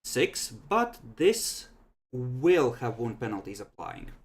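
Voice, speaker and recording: A man acting as game master in a tabletop game, with an ordinary mid-pitched voice. He calmly explains the rules and narrates the results of each roll in an even, patient way. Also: slow pace, creaky.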